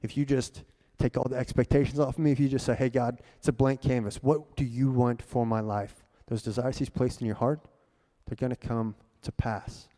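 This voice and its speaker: Young male preacher, casual and high-energy, mellow tone, long hall reverb. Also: normal speed. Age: young adult. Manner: energetic, conversational, rallies the crowd to repeat. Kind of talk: youth sermon.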